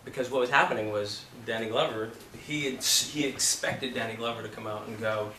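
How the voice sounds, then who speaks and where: A man leads his acting class in casual, emphatic talk, blunt and quick to swear. His voice is bright and forceful. It is picked up from a distance in an echoing classroom. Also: mid-range voice, fairly even intonation, a little hiss or hum. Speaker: acting teacher. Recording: roomy, from a distance.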